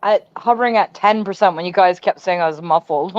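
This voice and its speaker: A woman's voice: lowish voice, fairly quick, dry recording. A chatty Canadian woman hosts a casual livestream, laughing easily and filling her talk with "like." Her voice sits mid-range and comes through dry and a little muffled, as over a cheap webcam mic. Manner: giggly, chatty, lots of "like". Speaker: livestream host.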